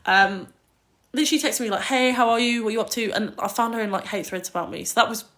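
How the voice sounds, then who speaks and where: A young woman from Kent, England, chats through stories on a casual livestream, her voice fairly high, quick and fairly bright. She fills her talk with "like" and plenty of swearing.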